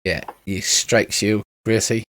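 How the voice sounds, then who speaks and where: A man narrating and running a tabletop game online as game master, in a brisk, dry, bantering way. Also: fairly low pitch, level tone, very noisy.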